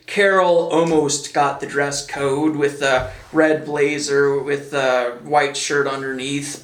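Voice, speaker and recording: A man's voice: on the high side, reverberant. A man giving sarcastic commentary as a video reviewer, making dry, mocking jokes.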